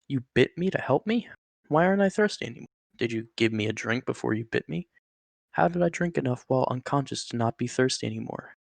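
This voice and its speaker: A man voicing a parched, bewildered man stranded in the desert, speaking with a croaky voice and asking anxious questions. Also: medium pitch, brisk, dry recording.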